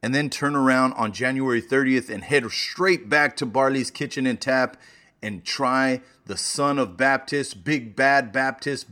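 A man's voice: mid-range voice, pushed and bright. Laid-back male podcast host. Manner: laid-back, plugs sponsors and events. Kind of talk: casual podcast intro and shout-outs. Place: beer hall.

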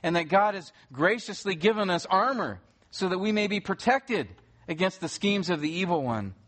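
Man, pastor, sermon, teaching tone, earnest, somewhat high voice. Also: animated, normal speed, a bit bright. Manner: earnest, rises to urgent emphasis; teaching, explains scripture step by step.

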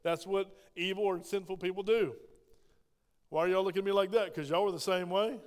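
A man's voice: high-pitched, steady tone, a little fast. An older man preaching a sermon in a church, emphatic and asking the congregation questions. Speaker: pastor. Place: church sanctuary. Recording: echoey church hall reverb.

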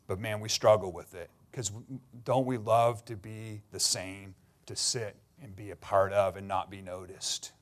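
A middle-aged pastor from Canada giving a sermon, telling personal stories in an earnest, sometimes emotional way. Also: male voice, lowish voice, steady tone, measured pace.

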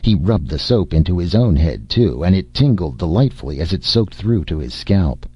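A man narrating a novel as an audiobook reader, with an expressive, varied delivery. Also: low-pitched, moderate pace, breathy edge, no room sound. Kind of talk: scripted narration. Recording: dull, dry lo-fi recording.

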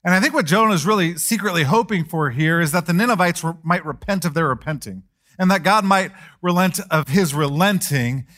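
A middle-aged man preaching a sermon as pastor, animated and dramatic, acting out the voices of biblical figures. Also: a little fast. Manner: animated, acts out biblical voices with rising pitch and volume.

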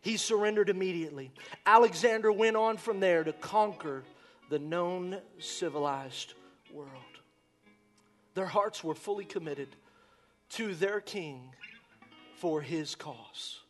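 Impassioned high-voiced male pastor preaching. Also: slow pace, faint music behind. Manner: impassioned, swinging from shouts to near-whispers. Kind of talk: sermon.

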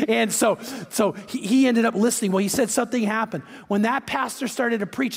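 A man's voice: high voice, moderate pace, vocal fry. A man preaching a sermon, telling a story with energy and acting out the voices of the people in it. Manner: energetic, acts out quoted voices. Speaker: pastor. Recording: long hall reverb.

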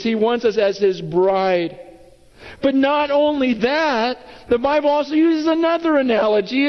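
A man preaching a sermon, telling a story with animated delivery and acting out the voices of the people in it. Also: extremely high pitch. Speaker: pastor. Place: church sanctuary. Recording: dull reverberant church hall.

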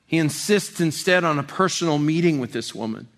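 Conversational preacher with a higher voice. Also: male voice, expressive. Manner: conversational, many restarts, drops soft and slow for tender lines. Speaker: pastor. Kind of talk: expository sermon.

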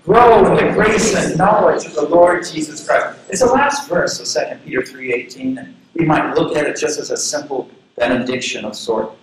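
A man's voice: moderate pace, few pauses. A man from southern Florida preaching a sermon as a pastor, telling personal stories in an earnest way. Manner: earnest, personal storytelling with lively pitch swings. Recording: very echoey room with faint background noise.

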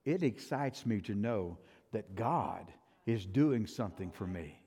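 A man's voice: fairly low pitch, animated, unhurried. Older man preaching in a reverberant hall. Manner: emphatic, swings from loud to soft. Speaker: pastor. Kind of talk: sermon. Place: church sanctuary.

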